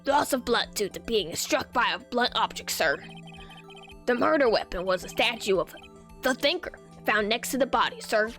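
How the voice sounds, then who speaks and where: A woman voicing a gruff, deferential male detective, lowering her voice and ending lines with "sir". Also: expressive, normal speed, fairly bright tone, soft background music. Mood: dutiful.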